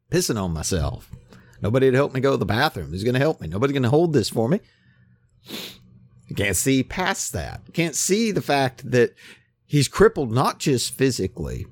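A man preaching a conversational sermon, emphatic, with quick acted-out asides. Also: medium pitch, no room sound. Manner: conversational, emphatic, acts out scenes.

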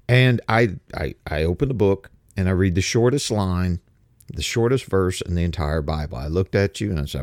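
A middle-aged man speaking in a casual spoken monologue, halting with many restarts and rhetorical questions. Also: fairly low pitch, dry recording, clean studio sound.

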